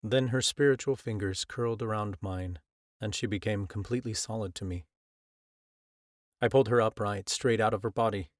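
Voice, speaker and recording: Low-voiced male audiobook narrator. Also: steady tone, dry recording. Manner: measured, earnest storytelling. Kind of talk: scripted first-person audiobook narration. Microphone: close studio mic.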